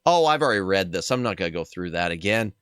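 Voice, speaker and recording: Chatty low-voiced man streaming. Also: fast talker, clean tone, no room sound, clean studio sound. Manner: chatty, animated. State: sore throat. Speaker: VTuber streamer. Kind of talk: casual game stream, reading dialogue aloud.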